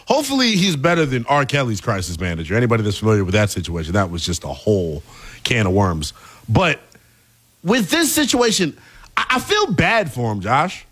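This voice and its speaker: A man co-hosting a sports talk show, speaking in an animated, conversational way with plenty of "like" and "you know". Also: medium pitch. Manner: animated, conversational, lots of fillers. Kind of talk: casual sports debate.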